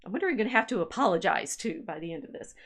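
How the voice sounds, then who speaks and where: A woman's voice: medium pitch, animated, racing. Woman, livestream co-host; casual, musing delivery, stops and restarts as she reads old records. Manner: reads genealogy records aloud, musing and self-interrupting.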